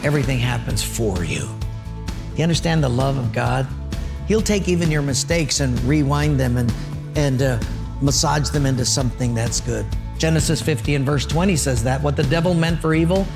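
An older male pastor preaching a sermon, telling stories with lively character voices. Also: medium pitch, normal speed, gravelly, over music. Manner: storytelling with animated character voices.

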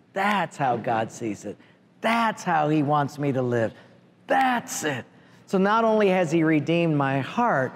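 A man preaching a sermon as pastor, animated, acting out prayers and speaking asides to the congregation. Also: a little high. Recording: long hall reverb.

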